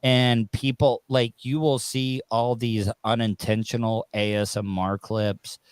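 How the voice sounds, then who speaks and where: Rambling Southern host, dry sound. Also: male voice, mid-range voice, flat delivery, a little slow, clear, resonant tone, dry recording. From Florida, US South. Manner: rambling, restarts often, swears casually. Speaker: podcast host. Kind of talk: casual interview chat.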